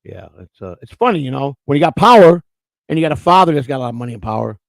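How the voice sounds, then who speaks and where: A man chats on a casual morning livestream, spinning long stories in a gravelly, slightly high voice. He doubles back and repeats words as he goes. The sound is dry and close. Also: animated, fast, no echo, rough recording. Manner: rambling storyteller, repeats words. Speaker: co-host.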